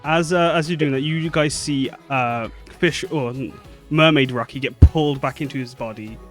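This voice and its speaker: A game master narrating a fantasy one-shot, meandering and correcting himself mid-sentence. His voice sits at an average pitch, with soft music playing faintly behind him. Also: normal speed. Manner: rambling, self-correcting narration.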